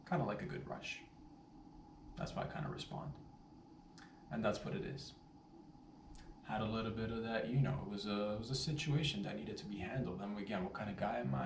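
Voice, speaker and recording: A man tells a rambling, animated story for his vlog, his voice sitting fairly low. He sounds some distance from the mic, in a roomy, echoing space with faint ambience behind him. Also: fairly quick, pauses often, noisy background. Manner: animated, rambling, playful catchphrases. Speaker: vlogger telling a story.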